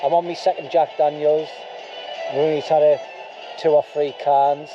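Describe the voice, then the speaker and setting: A man's voice: fairly high pitch, flat delivery, moderate pace, dull audio. Chatty man at night camp. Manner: rambling, chatty, self-deprecating. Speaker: bushcraft vlogger. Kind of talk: casual chat to camera. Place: beach camp outdoors at night. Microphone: handheld camera. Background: music playing.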